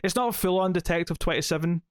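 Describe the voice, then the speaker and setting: A man co-hosting a podcast that reviews comics speaks fast in a high-pitched voice, casually retelling a plot. He's chatty, acts out quotes, and uses lots of fillers. The clean studio sound has no room sound.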